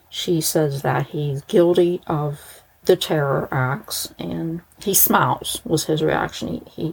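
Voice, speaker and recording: A woman's voice: low voice, darkish tone, poor audio. A woman from the United States telling a true crime story in a casual, chatty way, blunt and sarcastic.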